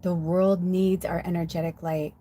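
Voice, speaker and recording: A woman's voice: on the low side, level tone, moderate pace, mellow. Chatty heartfelt American woman in her fifties. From United States. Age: 50s. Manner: chatty, heartfelt, rambling with many fillers. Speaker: spiritual medium, oracle card reader. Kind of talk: casual livestream storytelling.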